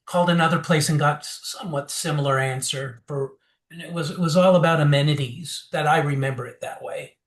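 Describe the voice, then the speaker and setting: A man candidly telling his personal recovery story as an interview guest, animated and acting out quotes, with many fillers and restarts. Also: a little high, fairly quick.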